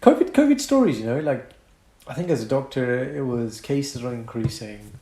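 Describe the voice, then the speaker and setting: A young British man co-hosting a casual podcast, a doctor who talks with lively energy, laughs often and acts out quotes. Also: medium pitch, moderate pace, a little hiss or hum. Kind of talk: casual chat. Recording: echoey room.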